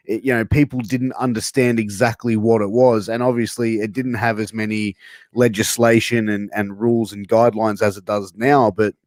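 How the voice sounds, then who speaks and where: A male host sets up his questions in a loose, conversational way, filling gaps as he goes. His voice sits at a middle pitch and is recorded close and dry, with no room echo. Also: a little mellow. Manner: conversational, many fillers, brief agreeing replies. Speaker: interview host. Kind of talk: casual interview questions.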